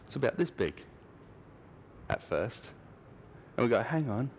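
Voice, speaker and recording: A man's voice: lowish voice, big pitch swings, unhurried, a little hiss or hum. A man preaching a sermon in church, talking conversationally and acting out little scenes.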